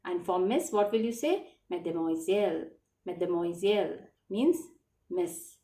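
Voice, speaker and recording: A woman teaching a French lesson to children, asking simple questions and then answering them herself, slowly and with a lot of repetition. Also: medium pitch, warm tone. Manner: slow, repetitive, asks then answers her own questions. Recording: echoey room.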